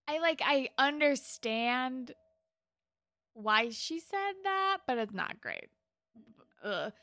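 A woman's voice: high voice, very animated, slow pace, sharp tone, dry recording. A woman co-hosting a podcast, chatting casually as she retells scenes from a TV episode, frank and sometimes sweary. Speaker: podcast co-host. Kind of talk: casual chat recapping a TV episode.

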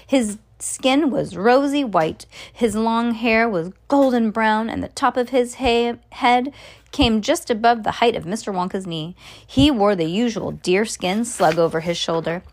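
A woman's voice: on the high side, unhurried. A woman reading a storybook aloud to a child, casual and stopping to fix slips. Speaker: reader to a child.

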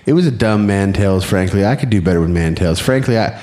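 An American man co-hosting a podcast, bantering loosely and cracking jokes with a ready laugh. His voice sits somewhat low, and the talk is casual and playful. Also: expressive, fast, dark tone. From United States. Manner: jokey, riffing, often laughing and doing silly voices. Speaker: podcast co-host.

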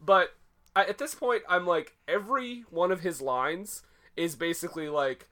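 A man's voice: sits high, normal speed, fairly bright tone. A man co-hosting a casual movie-review podcast, sarcastic and laughing often. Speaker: podcast co-host.

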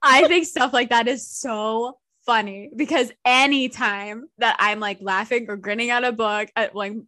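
A young woman guest chats casually on a podcast, her voice bright and a little high. She laughs often between sentences. The recording is dry and close. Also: steady tone, normal speed, dry recording. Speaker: guest cosplayer. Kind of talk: casual chat.

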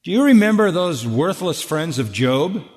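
Emphatic preacher in an echoing hall. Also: male voice, a little high, sing-song, normal speed, a little mellow. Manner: emphatic, addresses the congregation directly with rhetorical questions. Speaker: pastor. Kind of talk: expository sermon. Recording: echoey hall with long reverb.

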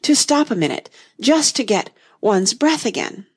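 Brief: woman reading a curious, polite storybook girl, slightly gravelly. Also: medium pitch, big pitch swings, moderate pace.

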